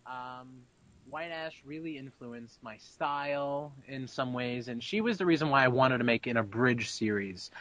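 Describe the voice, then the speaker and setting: A man's voice: mid-range voice, moderate pace, a bit bright, no echo. A young man being interviewed about his voice acting, chatty and brash, laughing and swearing freely. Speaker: abridged-series voice actor, interview guest. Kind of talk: casual interview.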